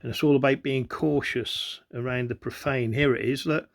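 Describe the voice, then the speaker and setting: A man with a gravelly edge talks through video clips, pointing things out as they play. He circles back on the same phrases again and again, pressing the listener to look. His pitch sits in the ordinary middle range for a man. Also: fairly even intonation, normal speed. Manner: repetitive, keeps saying "look" and "you know what I mean". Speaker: conspiracy video host. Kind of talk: rambling commentary over video clips.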